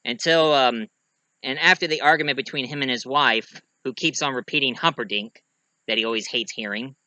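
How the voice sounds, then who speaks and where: Bright-voiced man rambling through a film review. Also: medium pitch, a little fast, no room sound, poor audio. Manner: rambling, full of fillers and restarts, acts out quotes. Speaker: movie reviewer. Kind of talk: casual spoken movie review.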